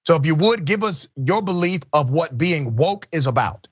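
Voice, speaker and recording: A man formally questioning a witness at a hearing, measured and deliberate as he reads out definitions. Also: a little high, animated, husky, lo-fi sound.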